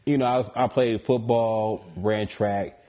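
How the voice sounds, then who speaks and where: A man's voice: fairly low pitch, steady tone, a little slow, mellow. A man from the United States, a podcast guest telling stories in a casual, joking way and laughing often. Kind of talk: casual storytelling interview.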